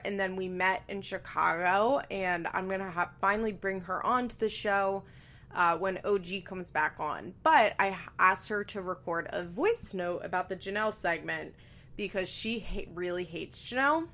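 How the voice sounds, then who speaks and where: A woman hosts a casual podcast chat from her bedroom, talking frankly with lots of side comments and curse words. Her medium-pitched voice sounds pushed and bright at a moderate pace, and a fan hums in the room.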